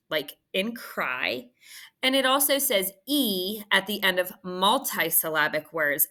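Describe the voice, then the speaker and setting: A woman's voice: on the low side, bright, forceful tone. A woman teacher patiently walking through a phonics lesson, often checking in with "okay". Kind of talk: recorded phonics lesson walkthrough.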